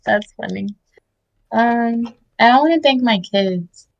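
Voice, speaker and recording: Slow, heartfelt woman in her thirties. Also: a little high, vocal fry, muffled recording. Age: 30s. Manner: tearful, heartfelt, halting with many fillers. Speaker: interview guest. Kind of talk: emotional interview, giving shout-outs.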